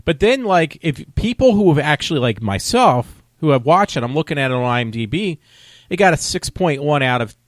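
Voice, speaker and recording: A man's voice: a little high, very animated, brisk, no echo, studio quality. A man vlogging a casual movie review, talking in a rambling, loose, conversational way.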